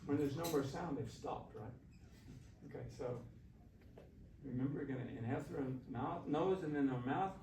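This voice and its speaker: A man leading a shakuhachi workshop, coaching students on their breathing in a relaxed, encouraging way. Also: on the high side, normal speed, pauses often. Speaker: shakuhachi teacher. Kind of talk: workshop instruction. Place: classroom. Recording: roomy, distant mic, faint room noise.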